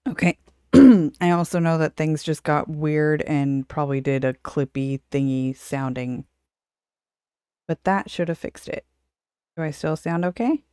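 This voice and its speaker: A woman co-hosts a podcast with a low, smooth voice. She talks casually and explains things at length, with some swearing. The close mic sounds dry. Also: a little slow, mellow, no room sound. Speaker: podcast co-host.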